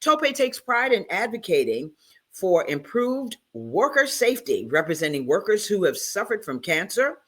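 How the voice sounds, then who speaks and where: A woman's voice: mid-range voice, big pitch swings, normal speed, a bit bright, slightly rough. A woman hosting a talk show interview, effusive and emotional, often stumbling over her words. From Charleston, South Carolina.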